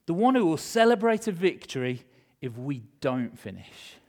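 A middle-aged male pastor preaching a sermon, telling a personal story with animated emotion, swinging between loud and hushed. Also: a little high, moderate pace.

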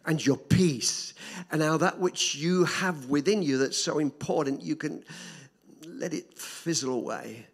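Older preacher with dramatic swings. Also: male voice, on the high side, vocal fry. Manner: dramatic swings between loud emphatic repetition and soft hushed drops. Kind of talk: sermon.

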